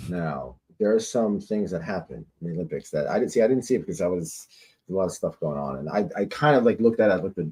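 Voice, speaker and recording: A man's voice: deep voice, mellow, breathy edge. A man co-hosting a casual talk show, easygoing and chatty. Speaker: co-host.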